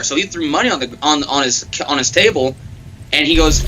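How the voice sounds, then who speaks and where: A man chatting casually as a guest on a gaming stream, telling animated stories with laughter and the odd swear. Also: a little high, normal speed, faint music behind, rough recording. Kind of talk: casual storytelling chat.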